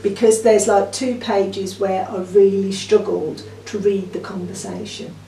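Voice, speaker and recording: A woman's voice: mid-range voice, fairly even intonation, measured pace, dark tone. Chatty woman reviewing a book. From Yorkshire, England. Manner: rambling, chatty, with frequent ums and laughs. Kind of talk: casual chat. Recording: echoey room, far from the mic, faint noise.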